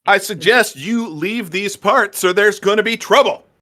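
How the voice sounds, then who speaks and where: A fierce, commanding woman adventurer barks threats at strangers, put on by a man at a tabletop game. The voice sits well above his own and rings bright and forceful. Each line is a hard-edged challenge. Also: sits high, lively intonation, fairly quick, dry recording, voice pushed up. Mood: threatening. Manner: shouted challenges, menacing.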